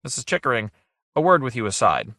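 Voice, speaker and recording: A man reading an audiobook, voicing a courteous, cunning gentleman detective with a suave, mild manner. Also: medium pitch, wildly swooping pitch, fast, creaky, dry recording, studio quality, voice pushed up, full character voice.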